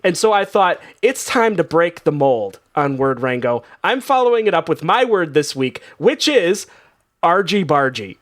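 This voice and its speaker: High-voiced rambling male comedy host. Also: big pitch swings, moderate pace, a bit bright. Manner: rambling, laughing, lots of restarts. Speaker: game show host. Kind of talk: casual comedic banter.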